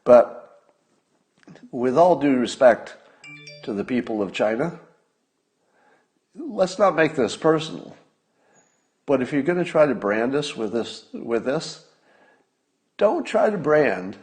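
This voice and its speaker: A man in his sixties hosting a casual livestream, talking wryly and conversationally, with sudden emphatic rises and low mutters. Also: very animated, takes it slowly, long pauses. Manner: conversational, wry, drifts between loud emphasis and mutters. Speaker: podcast host.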